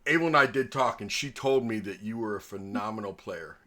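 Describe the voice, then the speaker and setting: A man's voice: lowish voice, brisk, few pauses, bright, forceful tone. A man running a tabletop game as dungeon master, telling stories with laughter and casual swearing.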